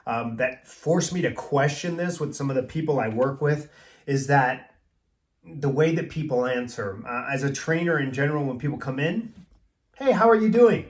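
A man's voice: mid-range voice, normal speed. A man who works as a personal trainer, co-hosting a podcast in casual chat and explaining things in an easygoing way. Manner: easygoing, explanatory, drifts into acted-out dialogue.

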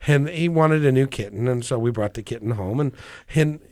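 A man calling in to an advice show, telling his problem in a relaxed, halting way. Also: medium pitch, dry recording. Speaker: caller. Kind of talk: casual chat.

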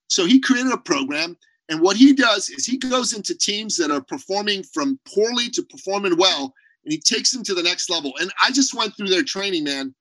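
Guy on a video call podcast, high voice, punchy and blunt, no room sound at all. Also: normal speed, no echo, poor audio. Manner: emphatic, blunt, animated storytelling. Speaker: podcast guest, business owner. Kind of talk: energetic interview talk.

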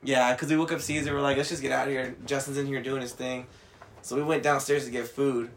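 A man's voice: medium pitch, level tone, quick pace, slight background noise. A young adult man in a casual chat, retelling a story animatedly, teasing his friend and acting out quotes with plenty of laughter.

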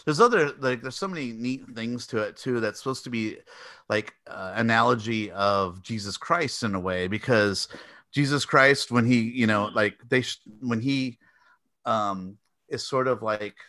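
A man co-hosting a relaxed hobby podcast, telling movie stories with a lot of energy. His voice is bright and forward, and he keeps breaking into acted-out lines and laughter. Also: mid-range voice, unhurried, no room sound. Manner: animated storyteller who acts out scenes with squeals and laughs. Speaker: podcast co-host. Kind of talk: casual chat about movies.

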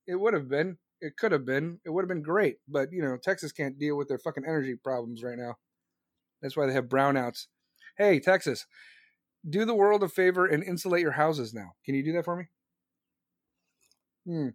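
A man rants in a loose, crude and sarcastic way, drifting from one tangent to the next. His voice sits a bit high for a man, and the recording is dry and close with no room sound. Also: moderate pace, no echo. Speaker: live-stream host. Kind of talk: casual profane rant.

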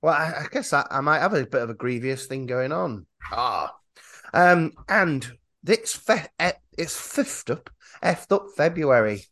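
A man hosting a horror movie podcast, talking casually in a hoarse voice after losing it, joking and stumbling over his words. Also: on the high side, animated, unhurried, fairly bright tone. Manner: jokey, self-deprecating, stumbling restarts. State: hoarse, lost voice. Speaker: podcast host.

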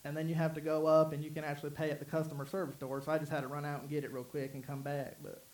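A man's voice: on the high side, little pitch movement, rapid-fire, a little mellow, low-quality recording. A man preaching a sermon in an earnest, rambling way, with many restarts. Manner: earnest, repetitive with frequent restarts and fillers. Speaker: pastor.

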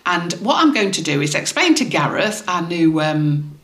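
A woman's voice: fairly low pitch, sing-song, normal speed, a bit bright. A woman co-hosting a gardening podcast, chatting and teasing with frequent laughs. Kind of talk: casual chat. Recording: roomy echo.

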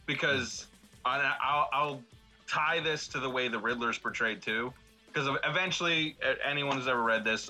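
Bright-voiced man in casual chat. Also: mid-range voice, poor audio. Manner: rambling, lots of fillers and restarts. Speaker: podcast panelist. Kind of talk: casual film discussion.

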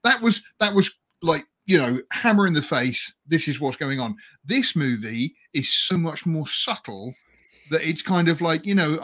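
A man's voice: on the high side, lively intonation, moderate pace, a bit bright. A man co-hosting a casual podcast chat about films, laughing often and telling things with animation. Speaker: podcast co-host reviewing films.

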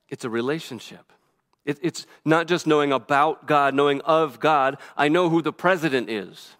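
A male pastor preaching a sermon quickly and earnestly, often restarting his phrases. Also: a little high, a bit bright. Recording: reverberant hall.

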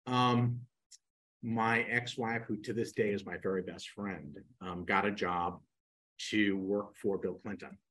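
A podcast guest, an older man who coaches in real estate, recounts his story with animation, acting out the people he quotes in a lowish voice. The recording quality is low.

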